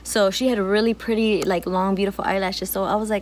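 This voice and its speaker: A woman's voice: medium pitch, fairly even intonation, brisk, a little hiss or hum. A woman co-hosting a casual chat, telling stories with lots of laughs and fillers. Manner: chatty storyteller, laughs often. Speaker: co-host. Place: outdoors.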